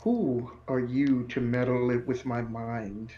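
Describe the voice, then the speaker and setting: A man's voice: medium pitch, level tone, slow, muffled recording, natural voice. A man voicing a commanding ogre mage.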